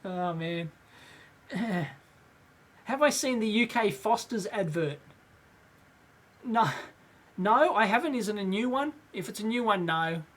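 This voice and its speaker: A man's voice: sits high, animated, slow pace, long pauses, fairly bright tone. A middle-aged Australian man hosting a casual live question-and-answer show, rambling with many fillers and frequent chuckles. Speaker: host.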